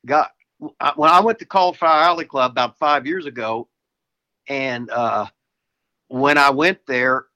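A man's voice: mid-range voice, unhurried, pauses often, pushed and bright. An older American man, a retired wrestler, telling rowdy stories as a guest, swearing constantly and laughing mid-sentence. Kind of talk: profane casual storytelling.

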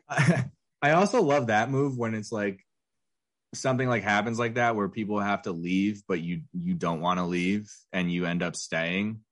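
Lowish guy podcast co-host, giggly, rambly casual chat. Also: measured pace. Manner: laughs often, rambling with restarts.

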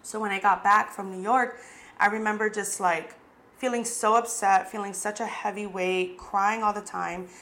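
A woman's voice: medium pitch, fairly bright tone. A young adult woman hosting a podcast, telling a personal story in a candid, casual way, full of "like" fillers and swearing. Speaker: podcast host.

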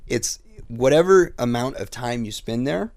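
A young man hosting a podcast, casual chat, telling animated stories and swearing freely. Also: mid-range voice, unhurried, no echo. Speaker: podcast host.

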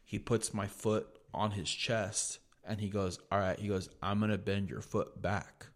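A man's voice: lowish voice, level tone, unhurried. A young man telling a story casually on a podcast, laid-back and swearing freely, with lots of "like". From United States. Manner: laid-back, profane, peppered with "like". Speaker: podcast host.

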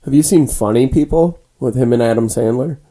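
A man's voice: mid-range voice, fairly quick, warm tone. A young man co-hosting a casual podcast from a spare room, laid-back and swearing freely. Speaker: podcast co-host. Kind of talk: casual chat. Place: small spare room used as a home studio.

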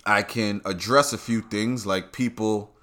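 A man's voice: fairly low pitch, fairly even intonation, a little slow, bright, forceful tone. A man from Brooklyn with a New York accent, talking bluntly and swearing freely as he hosts his own podcast monologue. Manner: profane, blunt storytelling. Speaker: podcast host. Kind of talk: casual monologue.

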